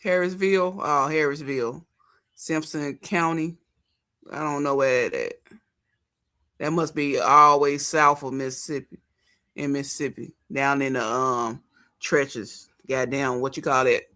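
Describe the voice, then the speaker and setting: A woman hosting a commentary stream, reacting casually in an animated, emphatic way. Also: extremely low pitch, measured pace. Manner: animated, emphatic, groans in disgust.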